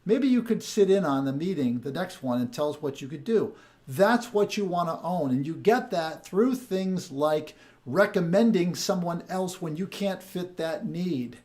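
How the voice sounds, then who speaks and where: A man's voice: sits high, lively intonation, unhurried, darkish tone. A man hosting a podcast of sales tips, talking in a chatty way and often restarting or repeating his words. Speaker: sales coach and podcast host. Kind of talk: casual podcast monologue.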